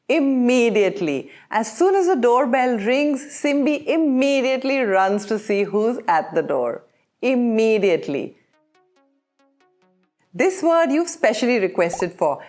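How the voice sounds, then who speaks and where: A woman teaching English pronunciation, drilling words slowly and with careful enunciation, putting questioning tones on the wrong versions. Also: fairly high pitch, a little mellow. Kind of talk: scripted pronunciation lesson.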